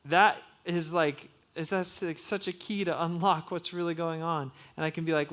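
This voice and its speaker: A man's voice: fairly high pitch, fairly even intonation, moderate pace, few pauses, a bit bright. A young man giving a casual, conversational sermon to young adults, full of "like" and "um" fillers.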